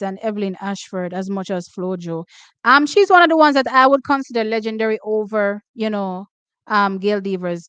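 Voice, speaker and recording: A woman's voice: mid-range voice, a bit bright, clean tone, dry recording. A young woman with a Jamaican accent hosting a casual track and field livestream, reading comments and switching between patois and standard English with frequent laughter. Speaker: host of a track and field talk stream.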